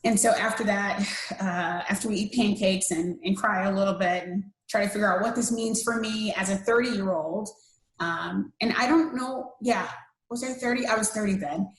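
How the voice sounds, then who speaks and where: Speaking at normal speed in a medium-pitched voice, an American woman in her thirties recounts her personal story with sincerity. She's a cancer survivor appearing as a podcast interview guest, and her speech has many fillers and false starts, heard in a room with noticeable echo.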